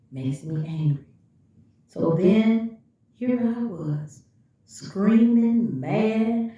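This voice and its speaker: A woman's voice: fairly low pitch, mellow. A woman vlogger telling a personal story and speaking directly and emphatically to her viewers. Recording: echoey room, far from the mic, dull lo-fi.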